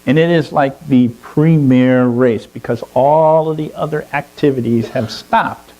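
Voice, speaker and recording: A man telling a long story to a fellowship gathering in an animated way, often chuckling. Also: mid-range voice, unhurried, muffled recording. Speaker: speaker at a fellowship service. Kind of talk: storytelling sermon.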